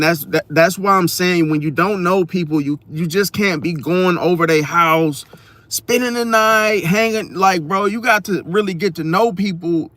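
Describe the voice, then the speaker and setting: A man telling a story in a casual vlog, slangy and profane, talking straight to his viewers with lively emphasis. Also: on the high side, dry recording. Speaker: astrology vlogger.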